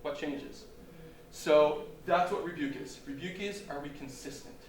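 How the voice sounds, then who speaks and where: Rabbi lecturing in an echoey room. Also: male voice, fairly high pitch, normal speed, a little hiss or hum. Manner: animated, rhetorical questions, dramatic shifts in volume. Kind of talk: Torah lecture. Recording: roomy hall, distant mic, faint ambience.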